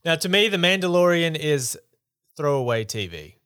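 A man's voice: a little high, big pitch swings, moderate pace, pushed and bright, clear, resonant tone. A man hosting a casual podcast chat, talking in an opinionated, rambling, dismissive way. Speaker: podcast host.

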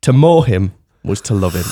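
A man hosting a casual podcast, reading out listener messages and laughing often. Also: mid-range voice. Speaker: podcast host.

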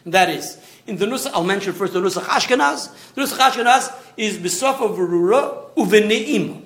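Animated rabbi with a lively high voice. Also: male voice, normal speed, reverberant. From Australia. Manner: animated, stop-start explaining with many restarts and asides. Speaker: rabbi teaching a Torah class. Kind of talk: lecture to a small class.

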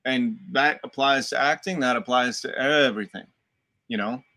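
Boston guy, accent mostly smoothed out, bright voice, middle pitch, animated and a bit foul-mouthed. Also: moderate pace. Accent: Boston, softened. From Dorchester, Boston. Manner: animated storyteller, swears freely. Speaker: guest actor. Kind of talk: casual podcast chat.

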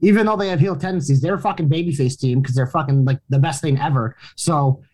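Man, podcast host, casual and loose, slightly high voice. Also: fast, darkish tone.

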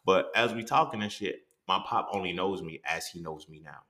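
A man in his thirties talking in a casual monologue for his podcast. He swears freely, uses a lot of slang and jumps into animated quoted exchanges. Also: low-pitched, moderate pace. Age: 30s. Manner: slang-heavy, keeps asking "you feel what I'm saying". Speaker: podcast host.

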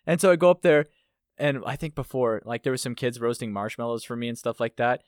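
A man's voice: medium pitch, fast, clear, resonant tone, no echo, studio quality. A young man in casual podcast chat who tells stories with animation and acts out the voices of the people in them.

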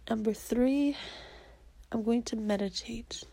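Soft-spoken young woman with a gravelly edge. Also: on the high side, fairly even intonation, measured pace, low-quality recording. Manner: earnest, often drops into a half-whisper, repeats affirmations. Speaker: vlogger. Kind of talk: personal goal-setting talk to camera.

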